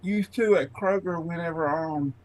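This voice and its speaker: A man in a casual live chat, talking hesitantly with many pauses and fillers. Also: fairly high pitch, rough recording.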